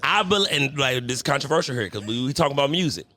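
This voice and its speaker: Fast, bright-voiced man in his thirties. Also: medium pitch. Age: 30s. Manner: animated, joking, profane banter. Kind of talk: casual chat.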